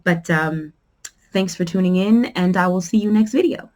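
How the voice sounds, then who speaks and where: A woman's voice: lowish voice, darkish tone. Rambling, chatty woman vlogger. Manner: rambling and chatty, with many pauses and fillers; shows items to the camera while talking. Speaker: quilting channel host. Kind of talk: casual product review vlog.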